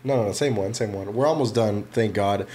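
A man's voice: on the low side, brisk, warm tone, a little hiss or hum. A man chatting casually on a podcast, laid-back and joking. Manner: laid-back, joking, laughs at his own lines. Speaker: podcast co-host.

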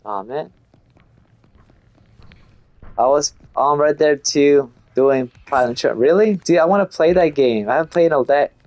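A man's voice: fairly high pitch, moderate pace, long pauses, a little mellow. A young man chatting casually while streaming a horror game, laughing often and switching between English and Spanish. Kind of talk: casual live gameplay chat.

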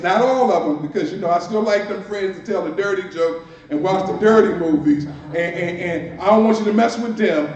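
In a church sanctuary, a male minister from Washington D.C. gives a chatty sermon, repeating words and slipping in playful asides. His high voice has a darkish tone, and he talks briskly with hardly any pauses. The recording is distant, roomy, dull, and faintly hissy.

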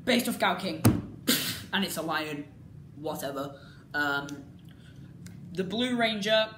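A woman giving a casual, ranting review as a vlogger, exasperated and repetitive, swinging between loud outbursts and low muttering. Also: animated, a little slow, long pauses. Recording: echoey room with faint background noise.

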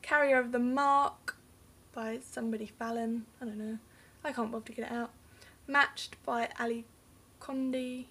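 A woman's voice: fairly high pitch, fairly even intonation, moderate pace, fairly bright tone, slightly rough. A young English woman talking casually through her bookcase, rambling and unsure, often trailing off into mumbles. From England. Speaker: book vlogger.

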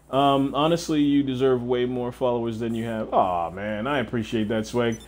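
A man's voice: mid-range voice, normal speed, few pauses. A young man with a mid-range voice chats loosely while livestreaming a game, swearing freely and answering his viewers. A faint background hiss sits under his home mic. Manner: casual and profane, answering chat. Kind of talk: casual gameplay chat.

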